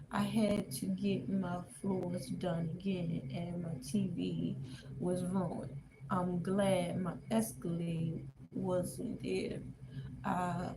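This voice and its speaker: A woman reading aloud the lines of a grown man who is pleading with his lover, in a low, hushed delivery. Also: noisy background. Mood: teasing.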